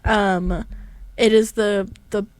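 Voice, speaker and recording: A woman's voice: mid-range voice, level tone, slow pace, a little mellow, clean tone, dry recording. A woman co-hosting a podcast, chatting casually and enthusiastically, rambling with restarts. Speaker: podcast co-host. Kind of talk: casual chat.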